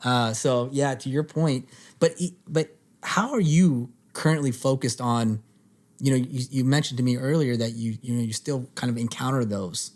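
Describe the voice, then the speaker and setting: A man hosting a podcast, chatting casually in a relaxed, rambling way with frequent restarts. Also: medium pitch, moderate pace. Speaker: podcast host. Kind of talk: casual conversation.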